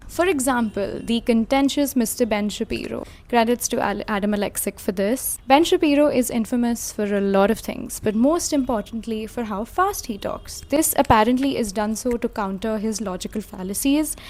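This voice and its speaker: A woman's voice: fairly high pitch, moderate pace, few pauses, darkish tone. A woman from India reading a scripted video essay, reflective and lightly casual, with frequent hedging fillers. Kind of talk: scripted commentary.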